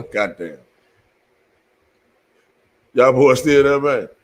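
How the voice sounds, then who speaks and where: A man hosting a show, reading scripture slowly and haltingly, then talking it over loosely and with swearing. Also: medium pitch, expressive, poor audio. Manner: reads verses slowly and haltingly, then talks loosely and profanely. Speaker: show host. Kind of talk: casual scripture reading with commentary.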